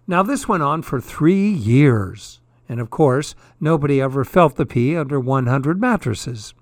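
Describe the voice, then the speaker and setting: A man reading comic, twisted fairy tales aloud in a deadpan, wry storytelling manner. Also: mid-range voice, a little slow, dry recording, studio quality.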